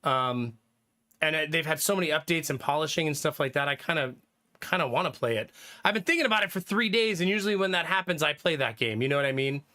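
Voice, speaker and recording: A young man talks loosely to his live-stream chat, thinking out loud and filling gaps with ums and likes. His voice sits a little high and sounds bright and forward. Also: expressive, fast. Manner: rambling, thinking aloud, frequent fillers and laughs.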